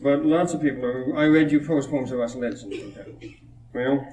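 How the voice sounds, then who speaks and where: Poet from Minnesota, chatty and amused, old live tape with lots of room echo. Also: male voice, mid-range voice, normal speed, darkish tone, a little hiss or hum. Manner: chatty and amused, laughing between anecdotes. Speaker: poet giving a reading. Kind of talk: informal talk at a poetry reading, retelling a child's stories. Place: college hall before an audience. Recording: roomy echo, distant mic, old reel-to-reel tape.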